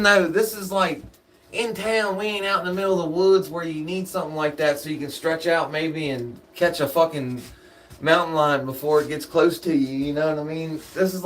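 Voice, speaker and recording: A man's voice: a little high, a little hiss or hum. A man telling rambling, profane stories in casual chat, laughing often and drifting off on side tangents.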